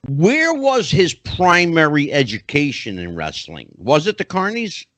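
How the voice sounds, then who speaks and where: A man's voice: on the high side, huge pitch swings, measured pace, fairly bright tone, no room sound. A middle-aged man hosting a podcast interview, chatty and often rephrasing himself. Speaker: podcast host.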